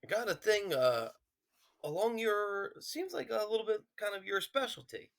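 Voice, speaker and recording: A man playing in a tabletop game, relaxed with dry humor. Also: high voice, moderate pace, creaky. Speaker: player.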